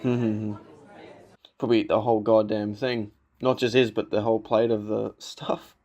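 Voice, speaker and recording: A man's voice: on the low side, level tone, normal speed, darkish tone, some chatter behind. A man giving a casual movie reaction commentary, laughing often, swearing and filling with "like" and "you know".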